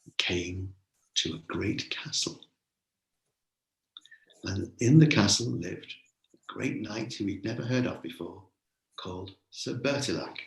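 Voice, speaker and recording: A man telling a story live in a playful, animated way, with chatty asides. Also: fairly low pitch, unhurried, creaky, long pauses, roomy sound, poor audio.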